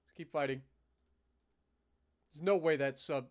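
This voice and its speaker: A man's voice: fairly high pitch, measured pace. Casual man streaming a naval strategy game. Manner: casual, thinks aloud, swears, clears throat often. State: slightly rough throat. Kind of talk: live strategy game commentary.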